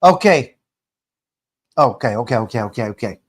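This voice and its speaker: A man's voice: mid-range voice, expressive, moderate pace. A man hosting a casual livestream, rambling, repeating himself and answering viewers' comments aloud.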